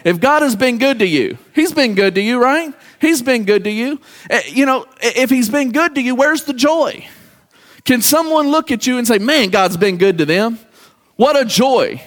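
Male pastor with a high voice, halting sermon style, reverberant sanctuary. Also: expressive, a bit bright. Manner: halting, repeats words, calls out to congregation. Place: church sanctuary. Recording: church hall with long reverb.

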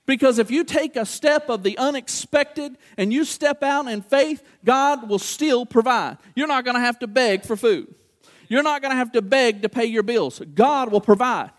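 A middle-aged man preaches a sermon in a very high-pitched voice at normal speed, animated, acting out little dialogues and repeating words for emphasis.

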